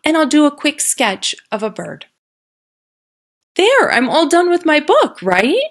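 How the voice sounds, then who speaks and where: A woman who teaches kindergarten, giving a patient recorded lesson and sounding out words slowly for young children. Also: high voice, wildly swooping pitch. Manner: slow, patient and sing-song, sounding out words.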